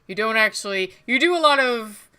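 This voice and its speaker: A woman's voice: a little high, animated, a little fast, bright, forceful tone, clear, resonant tone. A woman running a tabletop role-playing game as game master, narrating scenes with many fillers.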